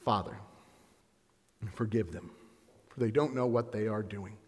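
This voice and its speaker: A man voicing a sorrowful grown man who speaks in a soft, low, solemn way. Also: moderate pace, slightly rough, long reverb tail, natural voice. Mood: gentle.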